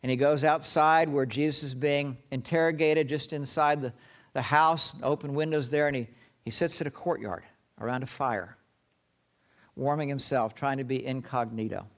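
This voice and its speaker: A man preaching a sermon, retelling a story with dramatic pauses and acting out the quoted lines. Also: mid-range voice, fairly even intonation.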